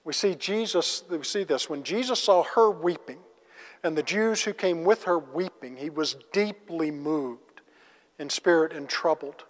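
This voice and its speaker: A man's voice: on the high side, measured pace. A man teaching a conversational Bible lesson, casual and asking the class rhetorical questions. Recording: long reverb of a large hall.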